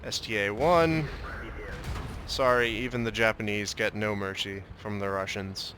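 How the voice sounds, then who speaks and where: A man's voice: fairly low pitch, steady tone, unhurried, bright, forceful tone, slight background noise. A young man casually commenting on his own tank battle, joking and slipping into a mock Russian way of talking. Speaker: gameplay commentator.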